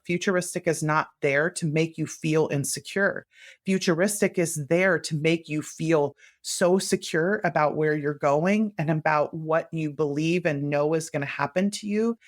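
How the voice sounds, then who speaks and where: Earnest woman guest, plain podcast talk. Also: low-pitched. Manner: earnest, talks through her own self-talk. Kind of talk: conversational podcast explanation.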